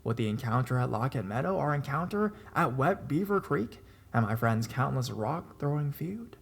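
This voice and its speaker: A man narrating true ghost stories in a measured reading voice, at an ordinary middle pitch. He keeps a steady storytelling pace and lifts his voice when the tension peaks. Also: creaky, slightly rough. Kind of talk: scripted narration of reader stories.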